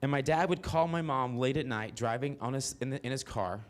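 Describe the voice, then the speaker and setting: This Mississippi man in his forties speaks briskly at a medium pitch, telling his own story as stand-up. Performing alone, he keeps it candid and profane, with asides to the audience.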